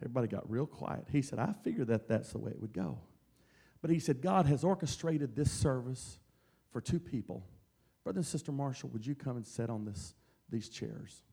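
A middle-aged man from Mississippi, a traveling evangelist, telling stories that build into loud, shouted Pentecostal preaching. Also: medium pitch, lively intonation, fairly quick, vocal fry, breathy edge. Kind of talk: Pentecostal sermon.

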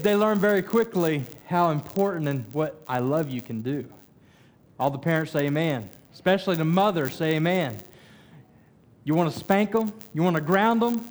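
A middle-aged man preaching a sermon as pastor, conversational with frequent stammered restarts. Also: high voice.

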